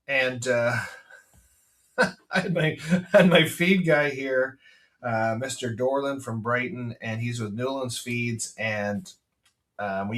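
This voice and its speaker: A man's voice: medium pitch, a bit bright, recorded from a distance. A Canadian man, a farmer hosting his podcast, talking in a blunt, rambling way with lots of fillers and restarts. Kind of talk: casual rambling monologue. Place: farm.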